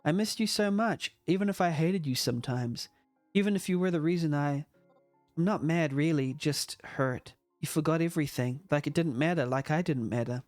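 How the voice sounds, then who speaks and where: A man's voice: on the high side, moderate pace, dry recording, faint music behind, lightly acted. A man reading aloud the lines of a lonely young man who is trapped in a dream, his voice hurt and pleading.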